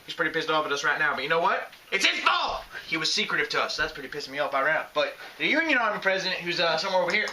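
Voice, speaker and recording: A man anchors a mock newscast in a put-on Southern US drawl, rambling and getting worked up until he shouts. His voice sits high. He is picked up from a distance, with loud hiss underneath. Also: rapid-fire, hardly any pauses. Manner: rambling and excitable, breaks into shouts. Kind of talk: mock news commentary.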